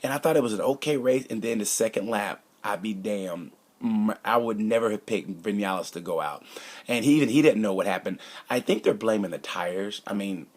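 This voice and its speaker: In a rambling, opinionated take on a race, this motorcycle commentator jokes around and occasionally lowers his voice to a conspiratorial whisper. His voice is on the low side, a bit fast and breathy, with lively intonation.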